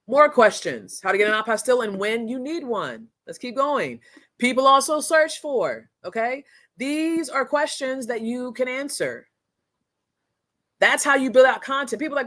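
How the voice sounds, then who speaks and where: A woman hosting a casual live-streamed training, talking straight to viewers in a chatty, energetic, slangy way through a computer mic. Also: a little high, a little slow. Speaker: course instructor and livestream host.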